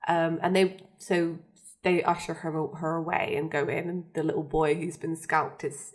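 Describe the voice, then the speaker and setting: A woman's voice: sits low, little pitch movement, normal speed. Young woman, podcast co-host, casual chat, laughs often while recapping. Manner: recaps scenes with frequent laughs.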